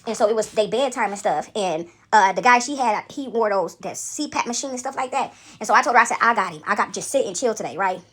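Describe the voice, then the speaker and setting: A woman's voice: mid-range voice, animated, fast, hardly any pauses, slightly rough. A woman casually telling a story to her viewers, chatty and talking straight to them. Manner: chatty, addresses viewers as y'all.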